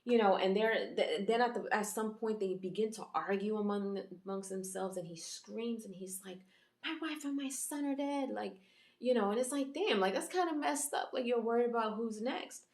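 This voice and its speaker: A woman's voice: medium pitch, moderate pace, a little mellow, roomy sound. A woman host giving a casual, chatty episode review, rambling with fillers and restarts. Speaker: YouTube reviewer and channel host.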